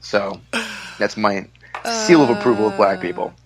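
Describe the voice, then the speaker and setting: A man who is a guest comedian, telling stories in a casual podcast chat, talking fast, loud and forward, full of profanity. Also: fairly low pitch, big pitch swings, over music.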